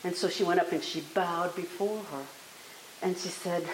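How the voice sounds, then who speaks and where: A woman storyteller telling an oral folktale in an expressive, animated way. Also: lowish voice, moderate pace. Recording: echoey room with faint hiss.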